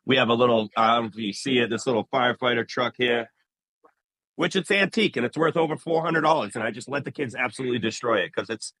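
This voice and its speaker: Interview guest: a New England barber, lively storyteller, bright tense tone, dry close sound. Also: male voice, mid-range voice, fast talker, no room sound, poor audio. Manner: animated storyteller, acts out quoted dialogue. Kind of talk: casual interview talk.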